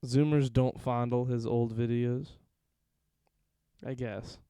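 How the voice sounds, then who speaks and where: A man hosting a podcast in casual chat, joking and swearing through quick banter. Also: mid-range voice, steady tone, warm tone, clear, resonant tone, no echo. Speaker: podcast host and streamer.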